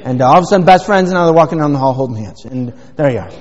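A man's voice: a little high, expressive, racing. Middle-aged male pastor, rambling folksy sermon delivery, dull sound with long church reverb. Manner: rambling, folksy, many fillers. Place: church sanctuary.

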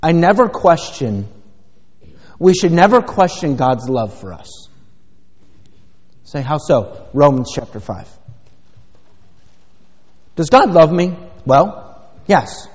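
Folksy middle-aged pastor in a hall. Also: male voice, fairly high pitch, very animated, slow, pauses often. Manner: rambling, folksy, many fillers. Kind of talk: sermon. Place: church sanctuary. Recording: dull sound with long hall reverb.

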